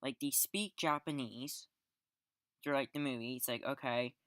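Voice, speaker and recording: A man's voice: mid-range voice, moderate pace, a bit bright, no room sound, studio quality. A man giving a casual spoken film review, rambling with restarts and fillers and sarcastic, exasperated asides. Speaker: movie reviewer.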